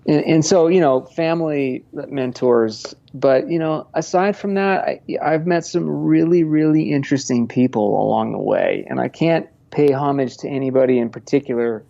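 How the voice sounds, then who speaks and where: A man's voice: mid-range voice, moderate pace, gravelly, hardly any pauses, warm tone, lo-fi sound. A man in his thirties from Montana, a podcast guest talking casually, rambling with many restarts and frequent laughs. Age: 30s. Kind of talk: casual conversational interview.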